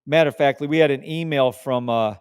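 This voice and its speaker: A man's voice: mid-range voice, fairly quick, clean tone, dry recording, studio quality. A man hosting a live trading stream, talking casually and emphatically, repeating words for stress and swearing when riled. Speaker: trading livestream host.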